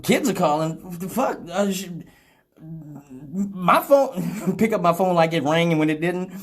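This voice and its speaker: A man hosting a live show, telling a story in casual, profane talk that swings from loud exclamations to low mutters. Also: animated, measured pace. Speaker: radio show host.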